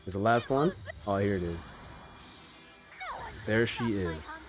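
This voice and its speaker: A young man giving casual, excitable commentary on a mobile game, swearing freely and laughing often. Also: lowish voice, takes it slowly, music in the background. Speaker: gaming YouTuber.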